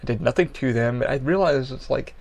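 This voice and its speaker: A man's voice: medium pitch, vocal fry, a little mellow. A man hosting his own podcast, talking bluntly and candidly about his life, swearing often and restarting sentences as he goes. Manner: blunt, profane, halting with restarts. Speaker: podcast host. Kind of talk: candid personal monologue. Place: Florida.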